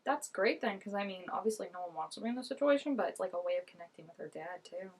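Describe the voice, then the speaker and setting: A woman's voice: medium pitch, expressive, quick pace, slightly rough. A woman chatting and giggling through a TV episode, talking back to the characters on screen. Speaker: vlogger reacting to a TV episode. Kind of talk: casual reaction commentary.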